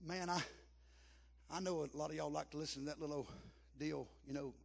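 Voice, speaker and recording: A man preaching a Pentecostal camp meeting sermon, rising to chanted shouts and dropping to a hush. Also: fairly even intonation, a little fast, creaky, a little hiss or hum. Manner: shouting, chanting cadence at its peaks, then dropping low and hushed.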